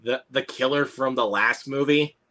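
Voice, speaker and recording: A man hosting a casual movie watch-along, reacting excitably and swearing now and then. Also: mid-range voice, normal speed. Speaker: host.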